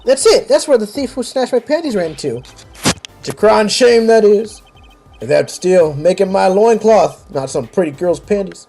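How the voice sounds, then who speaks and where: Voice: medium pitch, expressive, moderate pace, dark tone, faint music behind, pitched above the performer's own voice, close to an everyday voice. A let's-play gamer voicing a peppy young female magician sidekick in a bubbly, cheeky way.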